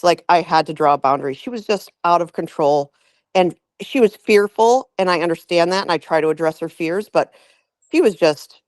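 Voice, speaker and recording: A woman's voice: fairly low pitch, normal speed, no room sound. Woman agent telling a story, dry sound. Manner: animated retelling, acts out quotes. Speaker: real estate agent. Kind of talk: casual storytelling on a group call. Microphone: video call.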